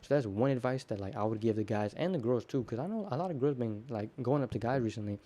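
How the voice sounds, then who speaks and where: A teenage boy rambles through a casual solo podcast at a quick clip. His voice is mellow and dark, and he stumbles and repeats words as he acts out little bits of conversation. It all sounds improvised and loose. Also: mid-range voice, expressive. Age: teens. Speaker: podcast host.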